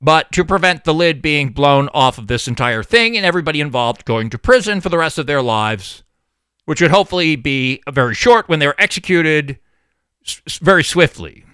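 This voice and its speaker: Animated, sarcastic male podcast host. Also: a little high, moderate pace, clear, resonant tone, no room sound. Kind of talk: political commentary monologue.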